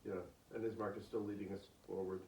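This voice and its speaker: A man's voice: fairly low pitch, little pitch movement, fast, darkish tone, a little hiss or hum. A man playing a tabletop game, chatting in a jokey, laughing manner, recorded in an echoey room from a distance. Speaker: player. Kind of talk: casual tabletop chat. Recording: echoey room from far off with crowd.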